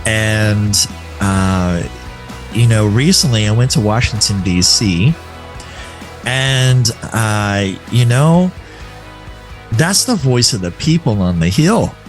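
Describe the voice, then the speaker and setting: A man from Texas hosting a conversational podcast, talking in a measured, reflective way with easygoing fillers. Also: lowish voice, expressive, faint music behind. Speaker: podcast host and coach.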